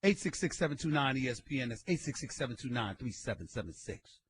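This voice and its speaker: A man hosting a sports radio show, ranting loudly and emphatically with frequent bursts of shouting into a studio mic. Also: medium pitch, expressive, fast talker, a little hiss or hum. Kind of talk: opinionated sports radio talk.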